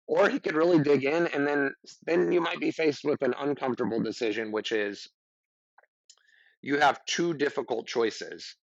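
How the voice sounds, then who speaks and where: A man's voice: medium pitch, moderate pace, gravelly, no room sound, highs cut off. A middle-aged man giving casual, earnest advice as a podcast guest, rambling and acting out example conversations.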